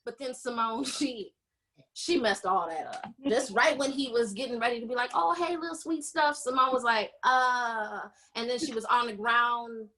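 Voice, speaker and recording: A woman hosting a podcast, casually recapping a romance novel and acting out the characters' lines with animated storytelling. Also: fairly high pitch, moderate pace. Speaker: podcast host. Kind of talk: casual book recap chat.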